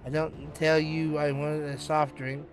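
A creepy frog character from a horror video game, read out by a man in a flat, deadpan voice that sits a little high and moves slowly. Faint game music plays behind him. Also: close to an everyday voice.

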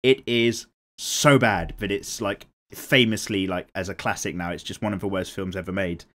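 A man's voice: deep voice, fairly even intonation, moderate pace, a bit bright. A young British man hosting a drawing show, reading out viewer comments in a rambling, casual way, swearing freely and laughing often. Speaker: art channel host.

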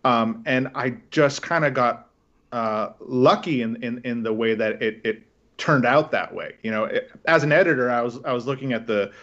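A man's voice: mid-range voice, moderate pace, fairly bright tone, highs cut off. A man with a Canadian accent, a film director, talking casually in an interview and rambling with many restarts.

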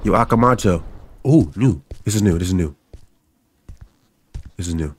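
A man's voice: low-pitched, expressive, normal speed, slightly rough. A young man giving panicky, joking commentary on a horror game, repeating lines over and over and swearing. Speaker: gaming YouTuber.

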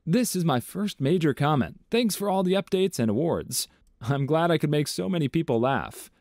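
A man reading online stories aloud in a measured, even tone, adding his own commentary between them. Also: medium pitch, dry recording, studio quality. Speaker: story narrator.

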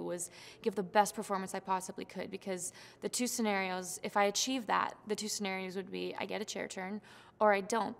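A young woman, a singing contestant, excitedly recounting her experience in an interview, with many fillers and restarts. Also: mid-range voice, creaky, big-room sound.

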